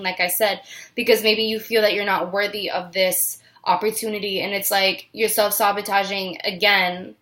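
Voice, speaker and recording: A woman's voice: mid-range voice, fairly bright tone. A woman giving a casual tarot reading to her viewers, earnest and encouraging, with lots of fillers and restarts, and close to tears. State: near tears, voice catching. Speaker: tarot reader.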